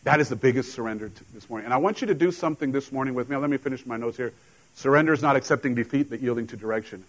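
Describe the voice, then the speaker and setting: A man's voice: mid-range voice, rapid-fire, low-quality recording. Man preaching a casual sermon. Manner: conversational preaching, jokes and laughs with the congregation. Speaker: pastor. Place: church.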